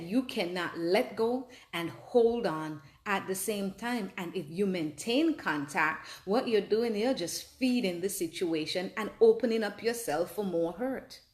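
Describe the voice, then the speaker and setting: A woman's voice: medium pitch, echoey room. A woman hosting a personal advice talk, telling her own story earnestly and with animation. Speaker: host.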